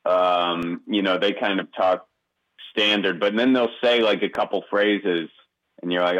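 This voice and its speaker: A man with a Wisconsin accent, a comedian guest in a casual interview, talking haltingly with many restarts and fillers. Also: sits low, steady tone, fairly bright tone, highs cut off.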